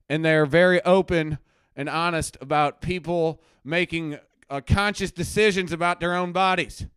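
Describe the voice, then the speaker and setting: A man putting on a bombastic, self-righteous anti-drug crusader doctor who lectures his audience like a street-corner preacher. The voice sits a little high and sounds smooth and clean, lurching from grumbling asides to loud outbursts. It is recorded close in a dead-dry basement room. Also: no echo, natural voice. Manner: ranting, preachy, swings between mutters and loud outbursts. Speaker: host. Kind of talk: satirical live-stream rant. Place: home basement.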